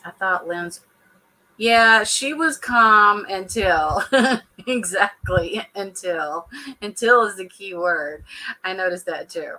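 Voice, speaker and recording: Bright-voiced chatty woman. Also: medium pitch, takes it slowly, low-quality recording. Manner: chatty, laughs often, talks straight to viewers. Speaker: reality TV reaction vlogger. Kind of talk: casual chat to viewers.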